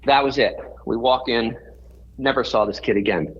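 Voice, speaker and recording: A man's voice: mid-range voice, normal speed, breathy edge, highs cut off. A man, a podcast guest, telling a story in a rambling way and often correcting himself mid-sentence.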